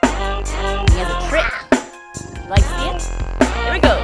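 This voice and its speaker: A woman's voice: fairly high pitch, lively intonation, moderate pace, long pauses, over loud music. A young adult woman streaming live at home, chatting casually with a playful, sing-song manner. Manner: playful, sing-song baby talk to her cat. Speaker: streamer and balloon artist.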